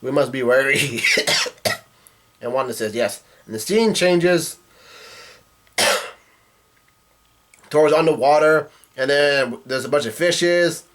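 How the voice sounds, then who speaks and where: A man's voice: fairly high pitch, slow pace, pauses often, fairly bright tone. A man casually reading comic dialogue aloud and breaking in with profane asides. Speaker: manga reaction youtuber.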